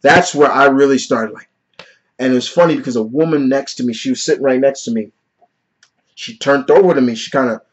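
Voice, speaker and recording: A man in his thirties talks through a film in a casual vlog review, sincere and emotional. He rambles a little, leaning on "you know" and "like". His medium-pitched voice comes through a somewhat muffled, lo-fi recording. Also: brisk, husky. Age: 30s. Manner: earnest and openly emotional, peppered with "you know" and "like". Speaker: movie reviewer.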